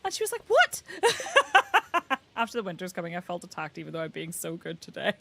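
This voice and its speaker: A woman's voice: fairly low pitch, racing, creaky. A young British woman chatting casually and giggling as she streams a farming game. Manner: giggly, chatty, self-mocking. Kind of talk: casual game livestream chat.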